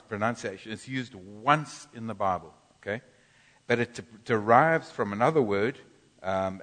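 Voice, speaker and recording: Man preaching in a reverberant church. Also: fairly low pitch. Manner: animated, bursts into loud groans and cries. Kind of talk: sermon. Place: church hall.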